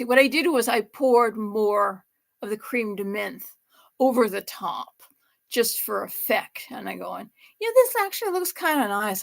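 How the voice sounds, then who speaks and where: A woman's voice: fairly high pitch, vocal fry, a bit bright. A woman hosting a home cooking show, talking through a recipe in a chatty, rambling way that wanders off topic and corrects itself. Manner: chatty, digressive, self-correcting with laughs.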